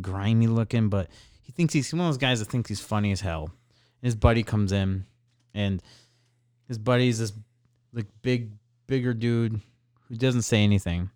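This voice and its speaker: A young adult man co-hosting a podcast, telling a store story in casual chat and mimicking customers with a raised voice. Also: fairly low pitch. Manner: animated, mimics customers in raised voice, swears freely. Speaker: podcast co-host.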